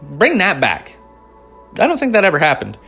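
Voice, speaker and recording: A man's voice: a little high, huge pitch swings, moderate pace, creaky, pushed and bright, breathy edge, faint music behind. A man in his thirties, hosting a podcast, tells a comic story in a loose, profane, rambling style. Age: 30s. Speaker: comedian podcast host.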